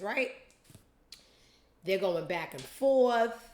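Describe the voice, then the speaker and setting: A woman's voice: mid-range voice, very slow, pauses often. A young adult woman spins a profane, casual story as host of her own show. She slips into voices for the people she quotes. Her mid-range voice rings with a roomy echo. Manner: animated, profane, acts out quotes in different voices. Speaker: podcast host.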